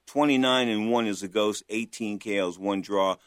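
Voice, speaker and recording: A man's voice: on the low side, normal speed, clean tone, dry recording, studio quality. A man hosting a talk radio boxing show, chatty and boastful, hyping up his guests. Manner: boastful, chatty, hype-driven.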